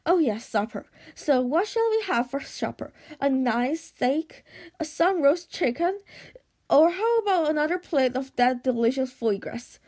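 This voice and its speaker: A woman's voice: high-pitched, expressive, a little slow, darkish tone. A woman reading the part of a bitter, sarcastic middle-aged wife stranded as a castaway, with a cutting way of talking.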